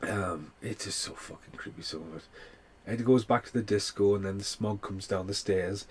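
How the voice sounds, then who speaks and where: A man's voice: lowish voice, moderate pace, darkish tone, husky. A man giving a rambling, heavily sworn casual film review, full of fillers. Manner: swears a lot, rambling with many fillers. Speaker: movie reviewer.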